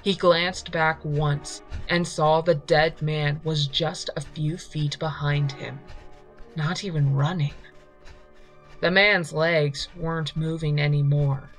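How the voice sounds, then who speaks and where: A woman narrating a horror story in a slow, measured reading. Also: low voice, steady tone. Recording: reading over faint music.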